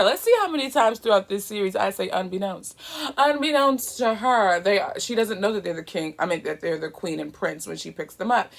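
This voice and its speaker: A woman reviewing holiday movies in an animated, chatty way. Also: on the low side, gravelly. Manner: animated, chatty, laughs often. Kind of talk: casual chat review.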